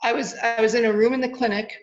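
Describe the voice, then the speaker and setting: A woman's voice: on the high side, steady tone, fast, muffled recording. A woman guest in an interview, telling a personal story earnestly, with lots of restarts and vivid retelling.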